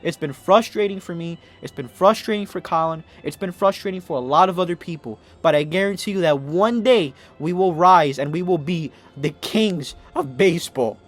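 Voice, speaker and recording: A young sports podcast host rants to camera with a slightly high voice at normal speed, hardly pausing. Emotional and near tears, he raises his voice, swears, and stumbles through restarts.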